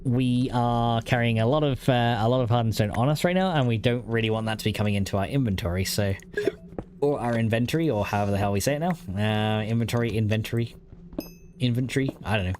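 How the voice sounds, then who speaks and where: A man's voice: medium pitch, quick pace, darkish tone. A man streaming a modded block-building game, chatting casually while he plays, rambling with lots of "like" and frequent laughs. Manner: rambling, fillers of "like", laughing often.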